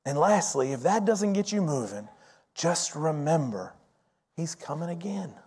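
A pastor in his forties preaching a sermon, telling personal stories in an animated, folksy way. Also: a little high, measured pace, slightly rough.

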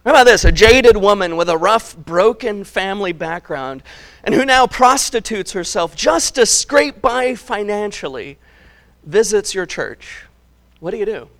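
High-voiced emphatic male preacher. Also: lively intonation, a little slow, a bit bright. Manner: emphatic, conversational, chuckles at himself. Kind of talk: sermon.

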